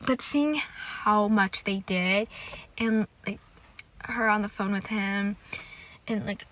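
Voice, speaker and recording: A young woman hosting a casual solo podcast, gushing excitedly with lots of "like" and swearing. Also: mid-range voice. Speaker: podcast host. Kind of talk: casual solo podcast chat about a TV show.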